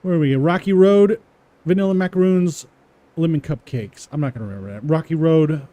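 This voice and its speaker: A man walking through a coding exercise, repeating words aloud slowly as he types them and chuckling to himself. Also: fairly high pitch, animated, mellow, no room sound. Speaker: coding tutorial presenter. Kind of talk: casual live coding walkthrough.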